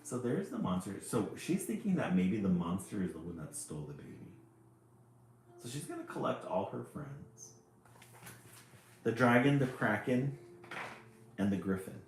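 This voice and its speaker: A man's voice: on the low side, very animated, normal speed, long pauses. Man reading a picture book aloud. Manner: chatty, laughing asides. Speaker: storyteller. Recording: very echoey room, faint music.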